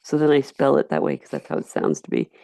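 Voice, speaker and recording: A low, gravelly woman's voice with a Yonkers accent talks through a chemistry lecture, close and dry with no room sound. She is chatty and digressive, stopping to restart her sentences as she goes. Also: huge pitch swings, quick pace, mellow, no echo. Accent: Yonkers, New York. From Yonkers, New York. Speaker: high school chemistry teacher. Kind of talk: recorded slideshow lecture.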